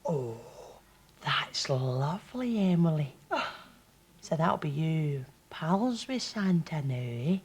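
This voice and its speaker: A woman's voice: sits low, big pitch swings, breathy edge, heavily acted. A creepy, syrupy Scottish lady. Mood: wheedling. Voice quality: syrupy, wheedling, drawn-out sweetness. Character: creepy woman luring a little girl with treats. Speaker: sketch comedy actor. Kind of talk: TV sketch comedy acting.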